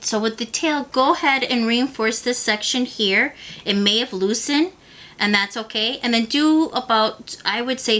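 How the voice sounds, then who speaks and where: A woman's voice: a little high, sharp tone. A woman teaching a beading tutorial, patiently talking the viewer through each step. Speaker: beading instructor.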